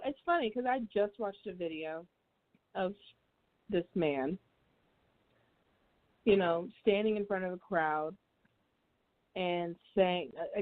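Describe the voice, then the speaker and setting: A young woman on a call-in show, talking earnestly with frequent hesitant restarts. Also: medium pitch. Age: young adult. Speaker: guest. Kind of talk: casual call-in chat. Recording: tinny phone line.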